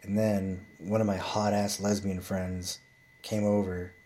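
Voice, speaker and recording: A man's voice: deep voice, level tone, measured pace, mellow, a little hiss or hum. A man telling a rambling bar story in a blunt, profane, casual way, with frequent restarts.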